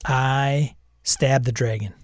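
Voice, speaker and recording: A man's voice: mid-range voice, steady tone, takes it slowly, no echo, studio quality. A man hosting a tabletop game channel, narrating the game casually with wry, mumbled asides. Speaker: host.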